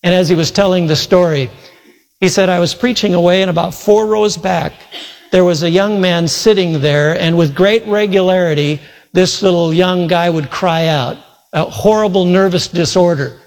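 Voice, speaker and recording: A male pastor preaching a sermon, retelling a story full of quoted speech, his pace shifting between slow and quick. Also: high voice. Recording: long hall reverb.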